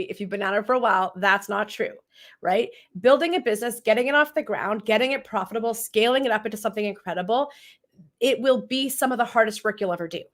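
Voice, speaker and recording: A woman in her thirties from Canada, a business coach hosting a live session in a chatty, upbeat way, laughing often and talking to her viewers. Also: mid-range voice. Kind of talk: casual livestream talk.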